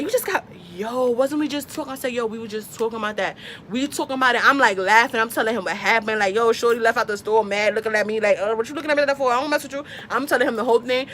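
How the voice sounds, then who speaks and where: Animated young woman telling a storytime. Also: slight background noise. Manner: animated, acts out quotes with big pitch jumps. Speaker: vlogger. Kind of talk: casual storytime.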